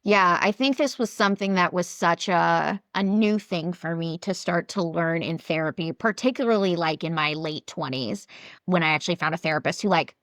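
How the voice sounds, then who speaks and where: Woman, coach guest, chatty and conversational, slightly low voice, dry close mic. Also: normal speed, no echo. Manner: chatty, many "like" and "right" fillers. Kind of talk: casual interview talk.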